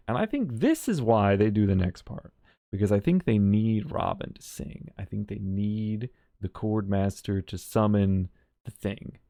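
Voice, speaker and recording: A man giving casual, rambling commentary on a game's story, talking quickly and restarting his sentences. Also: lowish voice, expressive, gravelly, a little mellow, no echo, studio quality. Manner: rambling, quick, with many restarts and self-corrections. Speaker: streamer.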